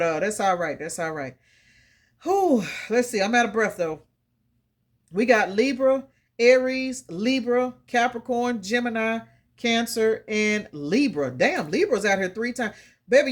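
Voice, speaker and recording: Woman tarot reader, mid-range voice, blunt and profane, preaching encouragement at y'all. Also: mid-range voice. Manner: blunt, profane and emphatic, addressing viewers as y'all; preachy, encouraging pep talk. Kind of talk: tarot energy reading to viewers.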